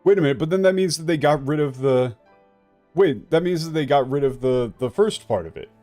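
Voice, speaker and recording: A man giving casual, animated commentary on a game stream, who laughs often while comparing two translations of a scene. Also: on the high side, fairly quick, soft background music.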